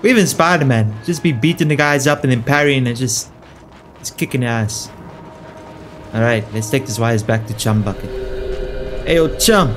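A man's voice: medium pitch, normal speed, pauses often, background noise. A young adult man doing casual, slangy, joking gameplay commentary as a YouTuber. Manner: slangy, hyped, joking, tries a poor Australian accent. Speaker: gaming YouTuber. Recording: game music playing behind.

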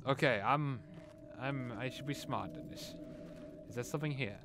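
A man's voice: medium pitch, normal speed. A young man casually commenting on a horror game as he plays, talking to himself and calling out at every noise. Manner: jumpy, talks to himself, startled outbursts. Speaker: gamer playing a horror game. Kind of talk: casual let's-play commentary.

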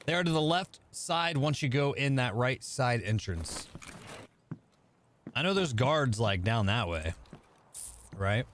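A man's voice: medium pitch, lively intonation, slow pace, long pauses, fairly bright tone, slight background noise. Chatty man streaming a game. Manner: chatty, thinking aloud, talking to chat. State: out of breath. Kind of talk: casual live-stream chat while gaming.

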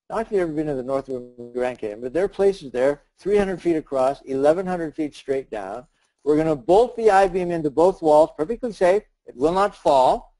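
Older male motivational speaker, higher mellow voice, playful storyteller acting out dialogue. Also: low-quality recording. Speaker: speaker leading a webinar. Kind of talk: motivational talk with a told scenario.

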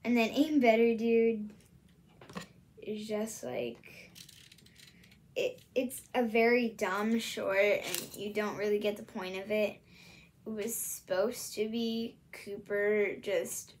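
A woman's voice: medium pitch, fairly even intonation, slow. A woman from the US Midwest, hosting a casual solo vlog and rambling hesitantly with many fillers. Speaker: channel host.

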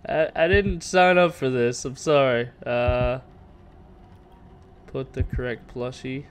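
A man's voice: medium pitch, slow, clean tone. A man hosting a casual game walkthrough, reacting with startled outbursts and mild swearing. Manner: excitable, jumpy, swears in surprise. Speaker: gaming channel host.

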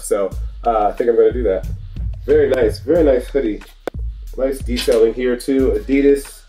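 A man's voice: on the low side, a little fast, warm tone, reverberant, faint music behind, poor audio. A man hosting a casual product unboxing video, upbeat and slangy, often repeating his praise. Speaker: vlog host.

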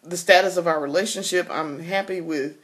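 A woman's voice: fairly low pitch, a little fast. A woman talking candidly in a casual personal vlog, laughing often and restarting her sentences. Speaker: vlogger.

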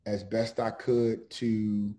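A middle-aged man, an author and defense lawyer, speaking slowly and earnestly with many pauses, partly reading his own book aloud. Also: lowish voice, level tone, mellow. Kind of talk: reflective talk with read-aloud book passage.

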